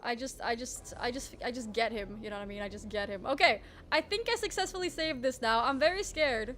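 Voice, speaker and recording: A woman's voice: on the high side, a little fast, a bit bright, slight background noise. A woman streamer chatting casually while she draws, self-mocking and full of trailing restarts. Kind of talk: casual live-stream chat while drawing.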